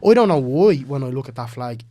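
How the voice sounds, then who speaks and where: A man's voice: mid-range voice, expressive, brisk, mellow, no echo. A young Irish man speaking as a guest, chatting loosely with lots of "bro" and "you know what I mean". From Ireland. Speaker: guest, cage fighter. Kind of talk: casual podcast chat.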